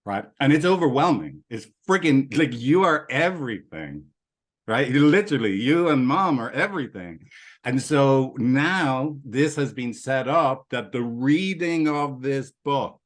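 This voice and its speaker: A man hosting a conversation show, calmly explaining a guest's story back to him in a reflective, counseling way. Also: mid-range voice, a little slow. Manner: calm, explanatory, often checking with "right?". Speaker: host, counselor.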